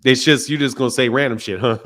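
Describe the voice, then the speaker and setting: A man's voice: medium pitch, a little fast, fairly bright tone. A man hosting a live boxing call-in show, blunt and profane, teasing his callers and laughing often. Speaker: boxing talk show host. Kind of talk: casual live call-in chat.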